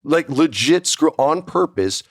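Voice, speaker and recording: A man's voice: fairly high pitch, unhurried, no echo, clean studio sound. A man from New Mexico in his forties, hosting a podcast and telling a backstage anecdote, acting out the people in it. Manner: animated, acts out quoted voices. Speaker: podcast host. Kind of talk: storytelling anecdote.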